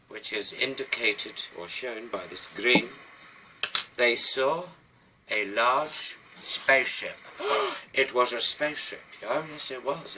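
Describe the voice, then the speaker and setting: A man's voice: medium pitch, background noise. A British man telling a children's story while he draws and colours, with rambling, chatty asides.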